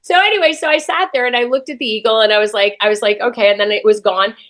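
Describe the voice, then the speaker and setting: A woman with a slightly high voice tells a personal story in an interview. She talks with lively feeling and acts out her own past thoughts as she goes. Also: quick pace. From Canada. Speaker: interview guest.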